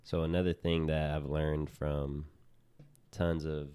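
Very deep-voiced casual podcast host. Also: male voice, slow, smooth. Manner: relaxed, addresses listeners as "you guys".

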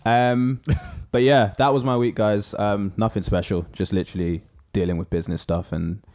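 A young man, co-hosting a casual chat and telling animated stories with lots of fillers. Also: lowish voice, moderate pace. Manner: animated storyteller, many fillers. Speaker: podcast co-host.

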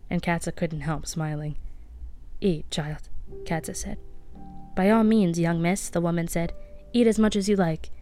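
A woman reading a novel aloud as a podcast host, soft-spoken and lightly voicing the characters. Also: on the low side, smooth. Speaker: audiobook reader.

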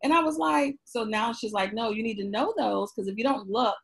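Husky-voiced chatty woman. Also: fairly high pitch, a little fast, rough recording. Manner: chatty, explains with lots of "you know". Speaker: guest, bookkeeper. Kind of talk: casual chat.

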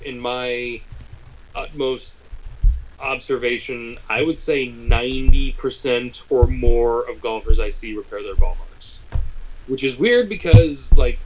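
A man's voice: mid-range voice, slight background noise, rough recording. A middle-aged man hosting a golf podcast, talking casually in long rambling asides and jokes. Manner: rambling, self-correcting, joking. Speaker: podcast host and caddie.

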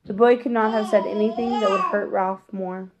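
A woman gently reading a children's chapter book aloud, sometimes correcting herself mid-sentence. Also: medium pitch, fairly even intonation, normal speed, heavy background noise. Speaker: storybook reader.

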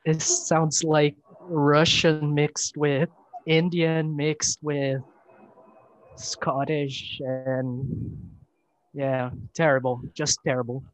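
Slow, mock-formal podcast co-host man. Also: on the high side, flat delivery, no echo, low-quality recording. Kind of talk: casual podcast chat.

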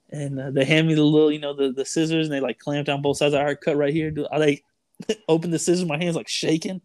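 A man's voice: on the high side, fairly even intonation, fast, a little mellow, no echo. A young man telling a story in casual chat, rambling with lots of "like", "dude" and "bro". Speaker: storyteller guest.

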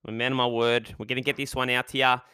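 Energetic male podcast host with a smooth, clear voice, recorded dry and close. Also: medium pitch, fast talker, dry recording. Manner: hyped, energetic, chatty. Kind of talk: casual podcast monologue.

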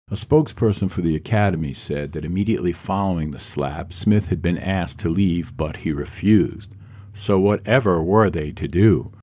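A man's voice: low voice, normal speed, dark tone. A man delivering a scripted opinion commentary in a sarcastic, mocking way.

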